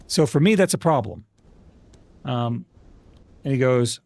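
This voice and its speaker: A man's voice: medium pitch, animated, unhurried, creaky, a little mellow, no room sound. A man streaming live, telling a family argument to his chat in a profane, indignant way. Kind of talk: casual storytelling to a live chat.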